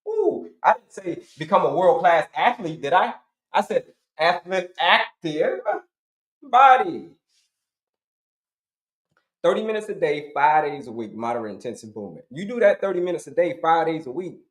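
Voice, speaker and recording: A man's voice: fairly high pitch, sing-song, moderate pace, pauses often, echoey room. A middle-aged man giving an emphatic, repetitive health coaching talk, asking and answering his own questions to the audience.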